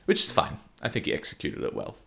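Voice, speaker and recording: A man's voice: fast talker, a bit bright. A man co-hosting a casual podcast, reading out famous quotes with lifted emphasis and laughing often between them. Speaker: podcast co-host.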